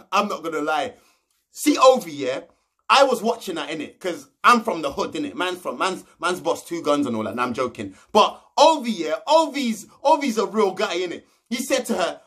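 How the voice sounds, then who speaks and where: A man's voice: high-pitched, sing-song, normal speed, fairly bright tone, breathy edge. A young man giving a brash, slangy, swearing recap of a reality TV episode. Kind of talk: casual episode recap commentary.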